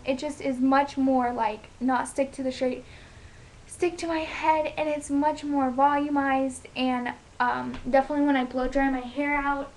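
Chatty high-voiced young woman, echoey room. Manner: chatty, rambling, lots of fillers; loud, emphatic delivery. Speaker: beauty vlogger. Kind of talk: casual hair tutorial vlog.

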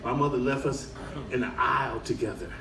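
A man doing stand-up comedy to a live audience, animated and bursting into shouted punchlines. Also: mid-range voice, brisk, slight background noise. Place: cruise ship showroom, live audience. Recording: echoey room, far mic, crowd laughter.

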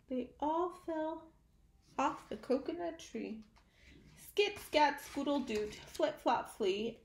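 A woman reading a picture book aloud to young children, slow and animated, stopping to ask her listeners questions. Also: sits high, echoey room, slight background noise.

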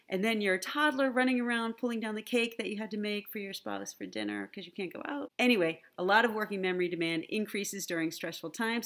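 A woman gives an online conference lecture over her slides in a friendly, teacherly way, often checking in with her listeners with "right?" and "okay?". Her voice sits in an ordinary middle pitch. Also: fairly bright tone. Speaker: conference speaker on the brain and language learning. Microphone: computer mic, online presentation.

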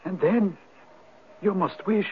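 An actor playing an ancient Viking spirit turned Irish hermit who speaks in a measured, knowing, gently probing way, in a 1970s radio drama. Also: male voice, high-pitched, a little hiss or hum. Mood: instructing. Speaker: Old Man of the Rock. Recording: tinny lo-fi old radio broadcast.

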